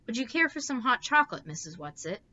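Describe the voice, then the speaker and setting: Woman reading as a brisk, calm mother. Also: on the high side, lo-fi sound, voice pushed up. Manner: brisk, light reassurance. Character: calm, practical mother, a scientist.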